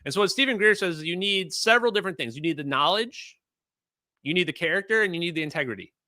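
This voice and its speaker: A man hosts a livestream in a casual, animated way, chatting straight to his viewers. His voice is very bright and sits a little high for a man, and the recording is close and dry. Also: fast talker, dry recording. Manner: animated, conversational, addresses viewers as guys. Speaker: host.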